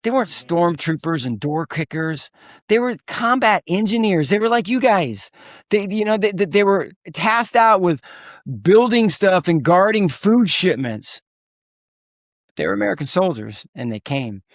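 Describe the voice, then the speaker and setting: A man's voice: sits high, expressive, unhurried, dry recording. Emphatic, storytelling man, dry close mic. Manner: emphatic, rising to near-shouts at key points. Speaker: guest, combat veteran and speaker. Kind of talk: storytelling interview talk.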